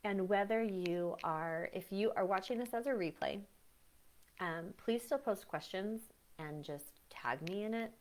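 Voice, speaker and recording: A woman breathwork coach talking on a live stream, chatty and animated, often acting out what other people say. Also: medium pitch, unhurried, a little hiss or hum. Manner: frequent fillers and restarts. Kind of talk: live-stream teaching talk.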